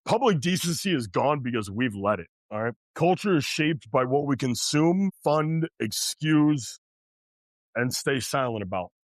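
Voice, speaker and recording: A man's voice: medium pitch, animated, measured pace, no echo. A man hosting a podcast, delivering a blunt motivational monologue in an emphatic, preachy way and repeating his points. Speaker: podcast host.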